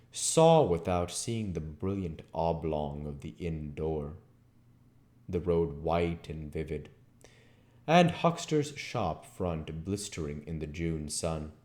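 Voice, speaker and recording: A man reading a classic novel aloud as audiobook narration. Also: low-pitched. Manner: slow, expressive reading. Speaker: audiobook reader.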